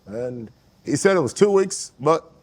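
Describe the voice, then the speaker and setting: A man doing a calm older statesman who speaks slowly and deliberately, pausing on drawn-out "uh"s. The voice is a touch higher than an average man's. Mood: measured. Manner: slow, deliberate, halting with "uh". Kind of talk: comic impression on a podcast.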